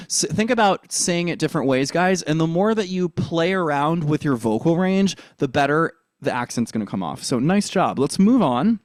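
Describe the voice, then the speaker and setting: Upbeat male drama coach, slightly high-pitched, cheering students on through accent drills. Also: sing-song, normal speed, hardly any pauses, no echo, clean studio sound. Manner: demonstrates with sweeping pitch. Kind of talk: accent lesson for young performers.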